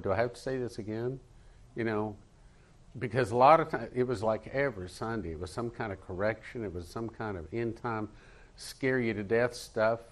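A pastor preaching a sermon and praying in church, earnest, leading the congregation to repeat lines after him. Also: male voice, medium pitch, fairly bright tone. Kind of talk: sermon with prayer.

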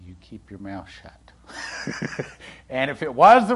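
A man preaching a sermon in a conversational way, asking the congregation questions and swinging between loud and hushed delivery. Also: mid-range voice, slow, husky. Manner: animated, swings from loud to hushed, acts out quoted dialogue.

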